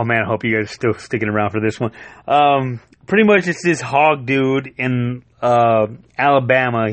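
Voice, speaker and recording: A man talking through a comic book in a loose, profane, chatty way, chuckling at the absurd parts. His voice sits at an ordinary middle pitch, and the sound is dry and close, with no room around it. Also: no echo. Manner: loose, profane, laughing retelling. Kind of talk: casual spoken review.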